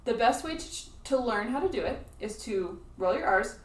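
A woman's voice: fairly high pitch, expressive, normal speed, far from the mic. Friendly woman teaching flute, roomy sound. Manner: friendly, clear explanations. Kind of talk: instructional video.

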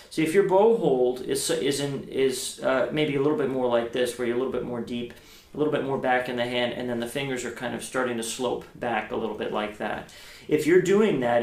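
A man teaches cello in a relaxed video lesson, his mid-pitched voice ringing in a roomy space. He talks it through step by step, pausing on ums and starting sentences over. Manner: thinking aloud with many fillers and restarts, explains step by step. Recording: echoey room.

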